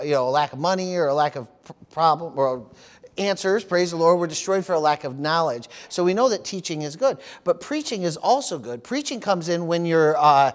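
A man preaching a sermon as pastor, often stopping for amen, praise the Lord and hallelujah, repeating words as he goes. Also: fairly high pitch. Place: church service.

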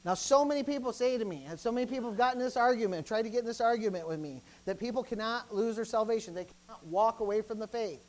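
A man's voice: fast talker, hardly any pauses, rough recording. A man preaching a sermon as pastor, emphatic and repetitive, often calling out interjections between points. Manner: lively, swinging between loud bursts and low asides.

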